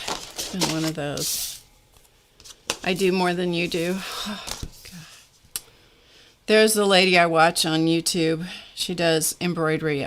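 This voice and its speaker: A woman hosts a live art stream, talking to viewers as she works. Her voice sits a bit low, and she speaks unhurriedly, rambling and poking fun at herself. A faint hiss of noise runs underneath. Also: a bit bright. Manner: chatty, rambling, self-deprecating. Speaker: host of an art livestream. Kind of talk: casual livestream chat while crafting.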